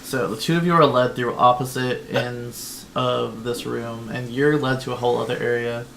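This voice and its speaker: A man's voice: medium pitch, moderate pace, creaky, a little hiss or hum. Man, game master, casual descriptive narration, filler words, mid-range voice. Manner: relaxed, descriptive, many fillers. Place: home, online stream.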